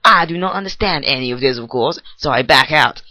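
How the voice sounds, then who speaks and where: Testing his new mic, a teen vlogger riffs through a goofy, rambling comedy rant and keeps interrupting himself. His medium-pitched voice is animated, fairly quick, bright and forceful, on a dry recording.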